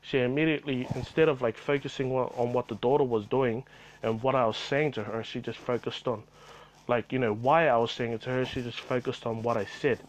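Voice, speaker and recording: A man's voice: mid-range voice, fairly even intonation, brisk, muffled recording. A man telling a rambling story about his retail job in a casual vlog, full of fillers and swearing.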